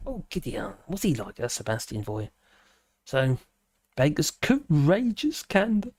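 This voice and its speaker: A woman's voice: mid-range voice, big pitch swings, normal speed, darkish tone, no echo, clean studio sound. A woman hosting a livestream, reading a news article aloud and breaking off for sarcastic, mocking remarks, with many fillers and hesitations. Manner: sarcastic, mocking asides between read passages. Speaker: livestream host.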